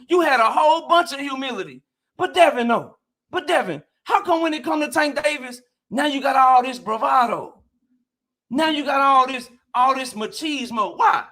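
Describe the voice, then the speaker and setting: High-voiced man ranting heatedly. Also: bright, forceful tone. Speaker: boxing debater. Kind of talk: heated debate live stream.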